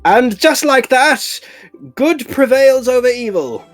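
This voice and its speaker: A man voicing a pompous heroic fey champion, British-accented, declaiming slowly and grandly. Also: very high voice, expressive, no room sound, faint music behind, pitched above the performer's own voice, exaggerated voice. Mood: grand proclaiming. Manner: grandiose, slow theatrical declaiming.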